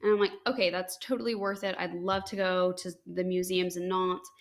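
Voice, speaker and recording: A young woman from the United States, a podcast host, casually telling a story with lots of "like" and "um" and bright, high-pitched quoted lines. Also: a little fast. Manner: chatty, animated quotes with high-pitched acted lines, frequent likes and ums.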